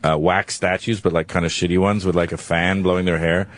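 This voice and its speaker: A man's voice: low-pitched, flat delivery, fairly quick, no room sound. A man who is a guest on a radio talk show, telling rambling stories with lots of swearing and fillers. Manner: rambling, profane, many fillers. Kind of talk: casual radio storytelling. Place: radio studio.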